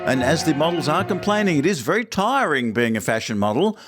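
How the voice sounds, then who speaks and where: Aussie bloke doing a funny show review, wry little asides, voice bounces all over. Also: male voice, on the high side, very animated, brisk, music in the background. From Australia. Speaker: listener contributor. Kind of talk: comedic episode review.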